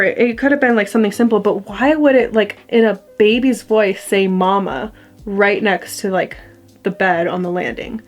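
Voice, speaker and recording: Young woman, vlogger, casual rambling story, middle pitch, faint music behind. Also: moderate pace, lo-fi sound. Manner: chatty, rambling, heavy use of "like". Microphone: camera mic.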